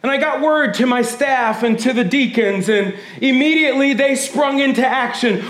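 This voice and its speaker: High-pitched guy preaching in a church, roomy echo, gets loud then real quiet. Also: moderate pace, few pauses. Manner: emotional, moves from grief-hushed to shouting praise; addresses congregation as family. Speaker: pastor. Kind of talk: sermon. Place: church sanctuary.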